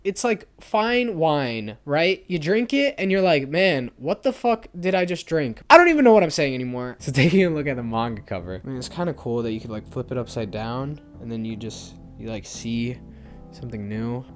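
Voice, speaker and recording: A young man reviewing a manga series in a casual, excitable, profane and rambling way. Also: medium pitch, a little fast, soft background music. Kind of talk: casual video commentary.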